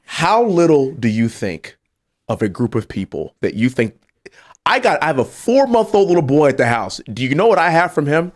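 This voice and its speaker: A man's voice: a little high, moderate pace. A man, a congressman guest, making emphatic points. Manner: emphatic, animated storytelling. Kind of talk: political talk show discussion.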